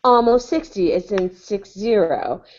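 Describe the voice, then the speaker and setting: A woman hosting a casual recorded chat, excited and giggly, laughing often between her questions. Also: medium pitch, measured pace. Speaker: sex columnist and show host. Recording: dull lo-fi web recording.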